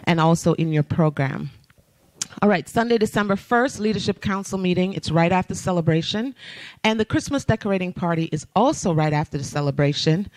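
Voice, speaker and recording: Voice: mid-range voice, fairly quick, no echo. A church announcer reading out announcements in an upbeat, chatty way, laughing often. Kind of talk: casual announcements. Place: church sanctuary.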